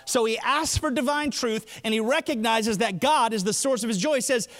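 A man from Alabama preaching a sermon as a pastor, animated and acting out the prayers he quotes. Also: very high voice, moderate pace, long reverb tail.

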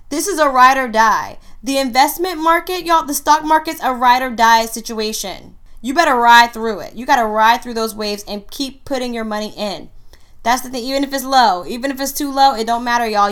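Woman podcast host, casual and emphatic, fairly high voice, repeats her points for effect. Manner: animated, emphatic, repeats points and says "y'all" often. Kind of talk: casual solo podcast talk.

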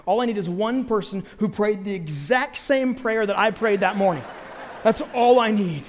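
A man telling a long personal story in a sermon, animated, acting out the people he quotes. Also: high voice, normal speed, big-room sound.

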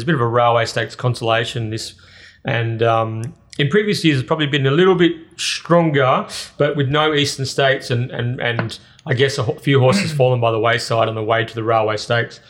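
A man's voice: mid-range voice, moderate pace, fairly bright tone. An Australian man co-hosting a racing podcast, easygoing as he rambles through race previews. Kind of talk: casual tipping chat.

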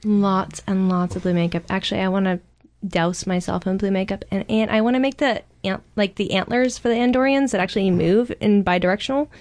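A woman in her thirties chatting on a podcast, an enthusiastic fan with quick asides and some cursing. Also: mid-range voice, fairly even intonation, darkish tone. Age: 30s. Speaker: podcast guest. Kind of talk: casual podcast chat.

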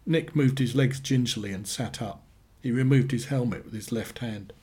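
Husky male storyteller, deadpan. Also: medium pitch, moderate pace. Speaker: narrator. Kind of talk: reading short stories aloud.

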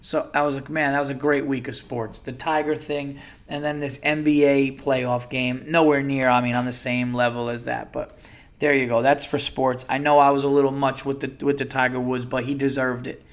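A man at an ordinary middle pitch hosts a loose solo podcast. He rambles from one thought to the next, swears freely and jokes crudely. He reads listener emails aloud. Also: flat delivery, normal speed. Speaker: podcast host.

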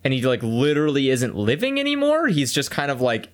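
Speaking a little fast with huge pitch swings, a young podcast co-host with a medium-pitched voice spins blunt, profane stories during casual chat. He performs the quotes, acting out what others said.

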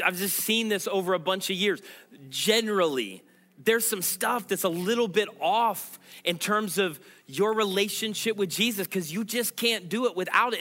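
Bright-voiced man preaching a sermon. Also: high voice. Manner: pleading, earnest, building to emphatic declarations. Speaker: pastor.

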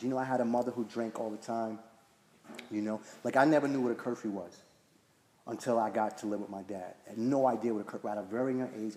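A man's voice: on the low side, a little mellow. A man telling a personal story at a recovery meeting in a casual, chatty way, often asking "right?" and filling with "like". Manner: conversational, frequent "right?" and "like" fillers. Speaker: speaker sharing at a recovery meeting. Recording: echoey hall with faint noise.

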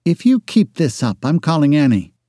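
A male audiobook narrator voicing a sharp-tongued young woman employee, exasperated and teasing, her lines lifted higher than his own voice. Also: sing-song, normal speed, no room sound, studio quality. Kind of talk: audiobook character voice.

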